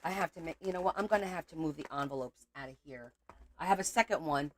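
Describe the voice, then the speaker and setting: A woman's voice: sits low, quick pace, a little hiss or hum. Chatty woman at her craft table. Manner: chatty, exasperated outbursts at her cat. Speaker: crafting channel host. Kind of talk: casual crafting chat.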